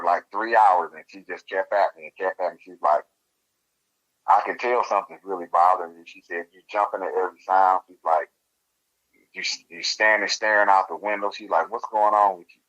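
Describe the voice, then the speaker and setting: Interview guest: low-pitched man, forceful and animated, dull lo-fi sound. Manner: animated, laughs while telling the story. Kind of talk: casual storytelling.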